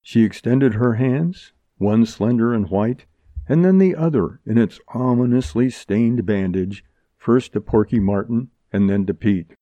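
A man narrating a story aloud as an audiobook reader, with an expressive reading. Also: lowish voice, unhurried, dry recording. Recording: dull lo-fi dry recording.

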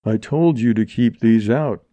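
A man voicing a calm, menacing bandit leader who speaks softly and coldly. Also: mid-range voice, unhurried, gravelly, dry recording. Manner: calm, soft, cold. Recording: dull lo-fi audiobook recording.

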